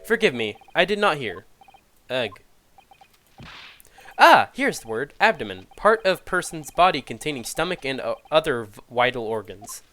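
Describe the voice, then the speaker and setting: A man's voice: medium pitch, sing-song, moderate pace, sharp tone. A man voicing a blunt, suspicious foreign juror who speaks stiff broken English with dropped articles.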